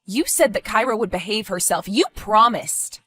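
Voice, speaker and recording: A woman voicing an anxious young woman babysitting her boyfriend's daughter, pleading and quick to raise her voice in an animated story. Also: mid-range voice, husky. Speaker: stepmother-to-be left babysitting.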